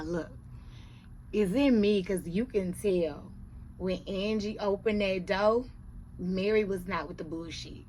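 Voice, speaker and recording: A woman reviewing reality TV in casual, profane chat who often drops to hushed asides. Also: lowish voice, a little hiss or hum.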